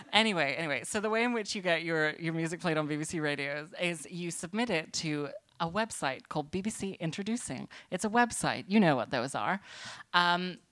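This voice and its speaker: A woman's voice: sits low, fairly bright tone, no room sound. A woman harpist doing comedic stage banter between songs, sardonic and self-deprecating, with rambling asides. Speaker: harpist and songwriter.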